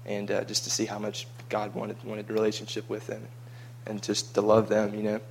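Flat, gravelly man chatting. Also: on the low side, moderate pace, slight background noise. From United States. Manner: chatty and rambling, with frequent repeated words. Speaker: vlogger recounting a mission trip. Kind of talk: casual chat.

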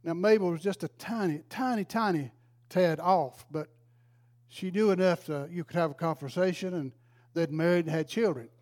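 An older man, a retired pastor, tells a folksy, emotional story during a sermon, exclaiming praise as he goes. His voice is high with a darkish tone, at a moderate pace.

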